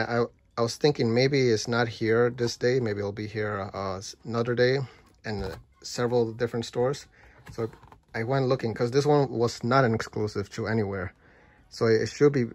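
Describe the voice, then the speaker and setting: Rambling man telling a story. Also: mid-range voice. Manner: rambling, full of fillers and restarts. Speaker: food reviewer.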